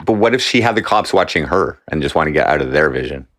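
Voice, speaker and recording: Deep-voiced man hosting a profane chat. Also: expressive, fast talker, fairly bright tone. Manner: profane, rambling, pressing questions. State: high. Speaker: host. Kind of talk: casual podcast chat.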